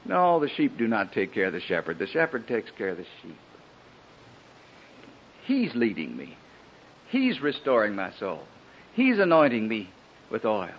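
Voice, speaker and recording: A man preaching a sermon in an earnest, pleading way, with a husky voice. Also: lowish voice, wildly swooping pitch, measured pace, pauses often, a little hiss or hum. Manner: earnest, pleading, rising and falling emphasis. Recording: dull lo-fi old sermon recording.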